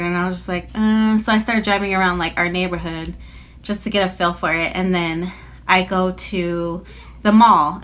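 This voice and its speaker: A woman's voice: fairly low pitch, fairly bright tone. A woman tells a personal story in a casual storytime vlog. Her delivery is chatty and rambling, full of filler words, and it sounds like it was recorded on a phone. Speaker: vlogger telling a personal story.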